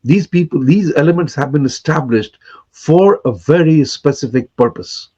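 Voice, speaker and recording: Husky, emphatic man on lo-fi audio. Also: on the high side, lively intonation, moderate pace, warm tone. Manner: emphatic, insistent, with repeated words and restarts. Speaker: commentator and host. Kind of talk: impassioned talk to camera. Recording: dull lo-fi sound.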